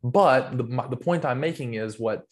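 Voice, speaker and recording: A man's voice: mid-range voice, normal speed. A man co-hosting a podcast, explaining his view in casual, earnest, rambling talk with restarts. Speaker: podcast co-host. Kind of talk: casual theological discussion.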